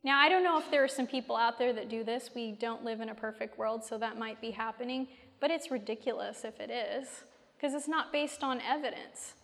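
A woman with a high voice leads a faith-based class in a casual, conversational way, asking her listeners question after question. Her words ring out with a long reverb, as if spoken in a large hall. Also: fairly quick, a bit bright. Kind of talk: faith-based teaching talk.

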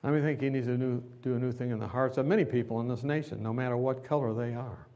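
A man preaching a sermon as pastor, his delivery swinging between quiet and loud, asking the congregation questions. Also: mid-range voice, fast.

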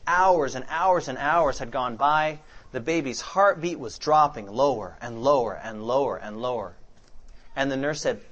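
A man's voice: mid-range voice, moderate pace, fairly bright tone, lo-fi sound. A man preaching a sermon, asking the congregation questions, then answering them himself as he reads scripture aloud. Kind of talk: interactive sermon.

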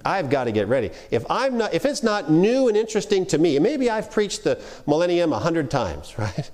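A middle-aged man teaches a workshop on preaching in a loose, conversational way. His voice sits slightly high and swings up and down with real animation, and he acts out the lines he quotes. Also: sing-song, fairly quick, a little mellow. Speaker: preaching instructor.

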